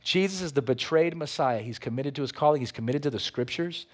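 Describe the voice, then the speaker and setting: A male pastor with a mid-range voice preaches a little fast, his delivery animated with playful asides and calls out to the congregation.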